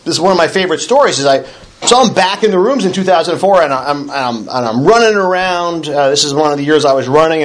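A middle-aged man with a somewhat high voice, speaking to a recovery meeting. He talks in a loose, conversational way, restarting his sentences often. A dry, self-mocking humor runs through his account. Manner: conversational storytelling with frequent restarts; wry self-deprecating humor. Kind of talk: personal recovery talk.

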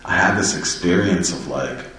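Low-voiced man, earnest personal storyteller, very echoey room, mic set back. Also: moderate pace, fairly bright tone, far from the mic, slight background noise. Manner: earnest and reflective. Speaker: person in recovery sharing his story.

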